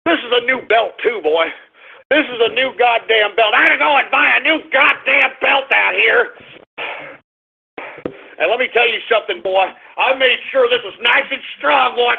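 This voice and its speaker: A man hosting a call-in radio show rants at his callers in a high, gravelly voice with a husky edge. He bellows and sneers. The sound is thin and phone-like. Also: moderate pace, slight background noise. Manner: loud, blustering, taunting callers. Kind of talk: ranting call-in radio talk. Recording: phone-quality lo-fi broadcast audio.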